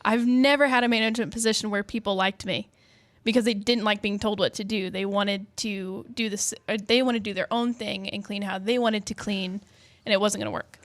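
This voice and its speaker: A woman manager chatting on a podcast, easygoing and agreeable, quick to laugh. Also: medium pitch, fairly even intonation, no echo. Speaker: manager and co-host. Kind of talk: casual chat.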